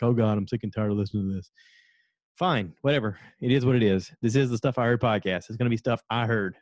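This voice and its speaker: A man's voice: mid-range voice, no echo. A middle-aged man hosting a solo podcast, rambling chattily and laughing as he retells stories. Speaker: podcast host. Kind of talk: casual solo podcast recap.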